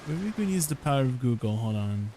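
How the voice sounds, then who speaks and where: A man's voice: medium pitch, big pitch swings, quick pace, warm tone, a little hiss or hum. A man chatting casually while streaming a game, laughing often and trying out foreign words. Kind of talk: casual game livestream chat.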